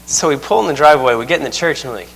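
A man's voice: medium pitch, very fast, creaky, a bit bright, husky. A man preaching a sermon as a missionary, telling stories with a chuckle in a folksy way. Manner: chuckles through his own anecdotes, folksy. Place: church sanctuary. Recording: long reverb of a church hall.

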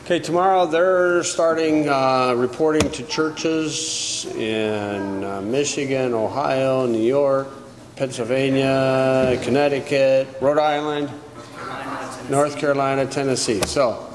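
A man, the pastor, giving relaxed, joking announcements before the sermon in a church. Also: medium pitch, slow. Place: church sanctuary. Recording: echoey church hall, clear room noise.

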